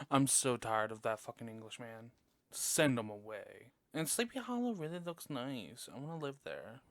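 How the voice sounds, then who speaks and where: A man hosting a podcast, chatting casually and profanely about a classic animated film, laughing often. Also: mid-range voice, a little slow, no room sound. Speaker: podcast host. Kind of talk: casual movie review chat.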